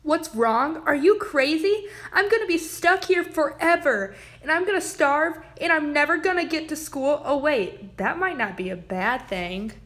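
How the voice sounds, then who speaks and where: A woman's voice: high voice, animated, measured pace, hardly any pauses, fairly bright tone. A teenage girl acting as a dramatic, whining little girl lost in a huge store, in an amateur school skit. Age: late teens. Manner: dramatic, whining, self-pitying. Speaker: student actor.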